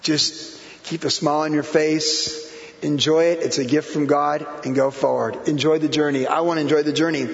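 A pastor in his forties preaching a sermon, animated, acting out quotes with whoops and laughter. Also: on the high side, normal speed. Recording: echoey hall, dull lo-fi sound.

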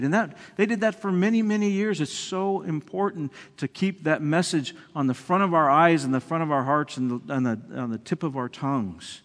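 A male pastor preaching a sermon with animated delivery, restarting words and swinging between loud emphasis and quiet lines. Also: a little high, in a large hall.

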